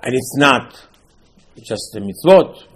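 A man teaching a religious lecture in an animated way, asking many rhetorical questions and restarting phrases as he builds a point. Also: medium pitch, slow, husky, rough recording. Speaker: Torah teacher.

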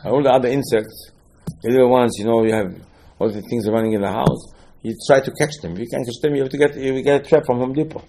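Male preacher, husky, lively storyteller who shoots up in pitch when worked up. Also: fast. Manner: animated storytelling, rising to excited high-pitched outbursts. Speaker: rabbi. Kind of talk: sermon.

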